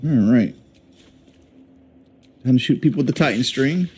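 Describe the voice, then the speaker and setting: Male streamer, relaxed gameplay commentary, everyday mid-pitched voice. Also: a little slow, slightly rough. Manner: relaxed, talks to his game party while planning moves.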